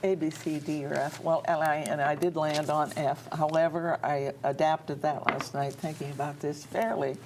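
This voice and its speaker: A woman giving her views on a televised panel, earnest and halting, often repeating words as she searches for them. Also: deep voice, level tone, noisy background. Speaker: panelist, speech coach. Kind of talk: political panel discussion. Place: TV studio.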